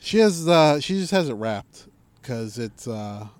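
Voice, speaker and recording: A man's voice: mid-range voice, measured pace, clean tone. A man telling a story in casual chat, swearing freely and acting out what people said. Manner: profane, animated storytelling with acted-out quotes.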